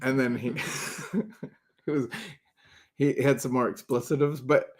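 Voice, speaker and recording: This podcast co-host is a man with a mid-range voice and a steady tone. He talks earnestly in a casual chat about recovery, halting often and restarting his sentences many times.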